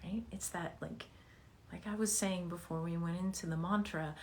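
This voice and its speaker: Soft-spoken woman guiding a meditation. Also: lowish voice, steady tone. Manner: soft, halting, with many fillers, turning loud and chanting. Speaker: meditation and astrology teacher. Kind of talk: guided meditation talk.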